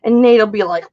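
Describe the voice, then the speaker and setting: A woman's voice: medium pitch, muffled recording. A middle-aged woman hosting a live-stream jewelry auction, chatty and bawdy, greeting viewers by name.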